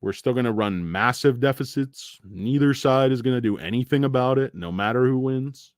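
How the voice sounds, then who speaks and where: At a moderate pace and medium pitch, this stock market show host rants casually on a livestream. He's blunt and profane, rambling with lots of fillers, and the studio sound is clean with no echo.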